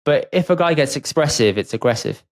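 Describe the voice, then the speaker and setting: A man's voice: a little high, lively intonation, a little fast. A man co-hosting a podcast, chatting casually and giving opinions, often acting out what others said. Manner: opinionated, chatty, acts out quotes. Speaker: podcast co-host. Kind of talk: casual chat.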